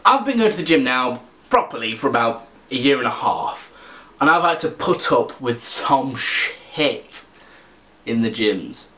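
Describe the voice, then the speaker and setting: A man's voice: medium pitch, sing-song, unhurried, pushed and bright, echoey room. A man ranting in a comedic vlog, sweary and sarcastic. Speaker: vlogger.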